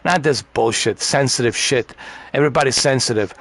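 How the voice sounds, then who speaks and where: A man's voice: mid-range voice, brisk, a bit bright, no echo. A man ranting bluntly and profanely in a casual gaming party chat. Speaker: streamer.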